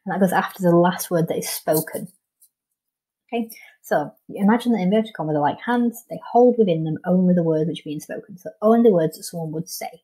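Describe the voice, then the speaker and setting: Welsh teacher lady going through a lesson slowly, lots of ums, warm dark voice. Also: lowish voice, breathy edge, low-quality recording. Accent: Welsh English. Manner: patient, explains step by step with many ums. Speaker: primary school teacher. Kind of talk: recorded online lesson.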